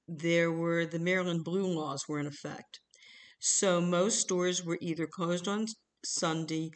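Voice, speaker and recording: An older American woman telling family stories to her child, chuckling and acting out the people in them. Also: on the low side. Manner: animated, chuckling, acts out voices in her stories. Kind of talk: casual storytelling.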